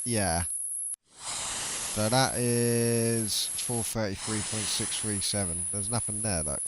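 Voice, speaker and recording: A man's voice: fairly low pitch, steady tone, slow, background noise. A man, streaming casually about scanning radio bands, chatty and sweary. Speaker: radio hobbyist livestreamer. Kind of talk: casual livestream commentary.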